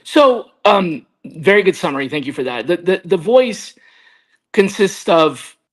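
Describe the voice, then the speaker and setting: Slow, halting male podcast host. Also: sits high, very animated. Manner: measured, halting, with fillers. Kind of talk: podcast interview.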